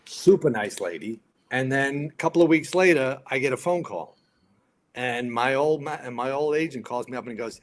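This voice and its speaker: A retired firefighter in his fifties spins a story as a podcast guest, animated and acting out the people in it. His voice sits at an ordinary middle pitch. A faint noise runs underneath. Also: moderate pace. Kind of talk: casual storytelling.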